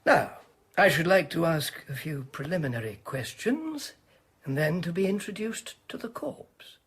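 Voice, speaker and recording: An actor playing a shrewd, genteel private detective in a radio drama, mild, dry and unhurried. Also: male voice, fairly high pitch, big pitch swings, fairly bright tone, breathy edge, full character voice. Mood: probing.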